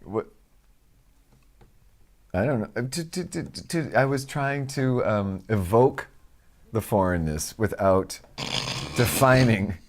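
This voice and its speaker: A man's low voice, co-hosting a podcast in loose, jokey banter. He is middle-aged, animated, and quick to slip into silly put-on voices. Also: slight background noise. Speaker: podcast co-host. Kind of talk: casual banter.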